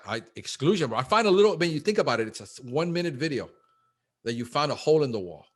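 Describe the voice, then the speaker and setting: A man talking casually in an interview, animated and fast, acting out little quotes and calling the host bro. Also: fairly high pitch. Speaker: guest, pest control business owner.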